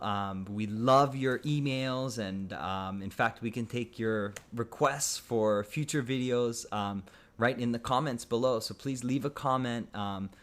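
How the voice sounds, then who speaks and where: A man's voice: medium pitch, fairly bright tone. A man teaching an English lesson on camera, speaking thoughtfully with frequent um and uh fillers. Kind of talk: casual video lesson.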